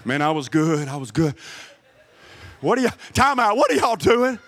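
A man's voice: a little high, very animated, normal speed, fairly bright tone, in a large hall. A middle-aged man preaching a sermon, emphatic and repeating key words to the congregation. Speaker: guest pastor. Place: church sanctuary.

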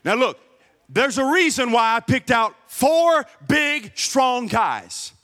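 A man's voice: very high voice, big pitch swings, takes it slowly, bright, forceful tone, long reverb tail. A middle-aged man preaching a sermon, emphatic and repeating key words to the congregation. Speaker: guest pastor. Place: church sanctuary.

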